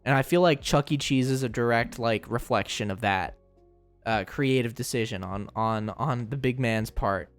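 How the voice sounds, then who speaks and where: A man's voice: mid-range voice, moderate pace, soft background music. A young man streamer in casual chat, rambling and joking, often stumbling and repeating words.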